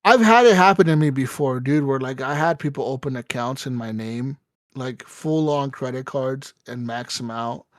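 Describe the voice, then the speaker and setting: A young adult man, a podcast co-host, telling a story in casual, profane, animated chat. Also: mid-range voice, normal speed, no echo, clean studio sound.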